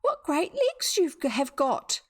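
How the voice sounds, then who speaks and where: A woman with a New Zealand accent voicing an innocent little girl, pitching her voice well up and asking slowly in wonder. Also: wildly swooping pitch, full character voice. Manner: high, slow, wide-eyed questioning.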